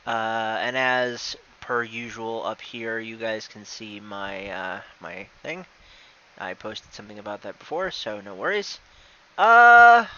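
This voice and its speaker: A man chatting casually on a gaming live stream, excitable and prone to loud exclamations. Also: medium pitch, dull audio, a little hiss or hum.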